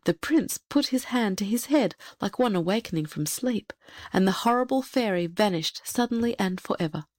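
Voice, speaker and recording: A woman narrates a fairy tale in a gentle, measured voice, pitched in a middle range. The recording is close and very dry, with no room sound. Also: lively intonation, dry recording. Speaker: audiobook reader. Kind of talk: storybook narration.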